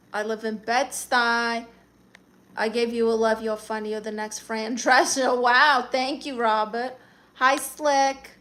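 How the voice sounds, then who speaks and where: A woman's voice: a little high, bright, forceful tone. A woman with a Brooklyn accent, chatting casually on a live stream and reading out viewer comments in a sassy, brash way. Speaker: livestreamer.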